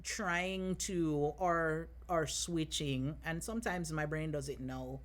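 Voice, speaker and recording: A woman from Jamaica with a Jamaican accent, a guest in a casual chat, speaking reflectively and thinking out loud as she goes. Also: low voice, fairly even intonation, slow pace. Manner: reflective, thinks aloud with many fillers and restarts.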